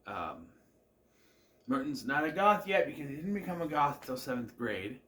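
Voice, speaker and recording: A man's voice: medium pitch, big pitch swings, moderate pace, fairly bright tone. A man giving a casual, rambling recap of a TV episode, with many fillers and restarts. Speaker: show reviewer.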